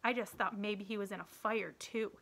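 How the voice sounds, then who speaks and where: A woman's voice: mid-range voice, fairly even intonation, moderate pace, creaky, fairly bright tone. A woman voicing a rude, sarcastic schoolboy who drawls mocking questions, in a read-aloud story. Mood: defensive.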